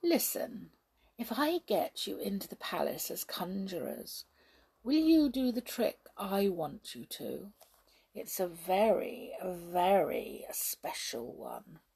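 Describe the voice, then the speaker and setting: A woman's voice: medium pitch, lively intonation, takes it slowly, warm tone, breathy edge, heavily acted. A woman voicing a sly old witch in a storybook reading, coaxing and lilting. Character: sly old female witch with green eyes.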